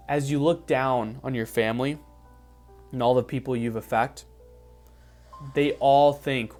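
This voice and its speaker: Motivational speaker, male, mid-range voice: emphatic, repetitive visualization talk over soft music. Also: mid-range voice, unhurried, long pauses. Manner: emphatic, repetitive, building to excited peaks. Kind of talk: guided visualization speech. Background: faint background music.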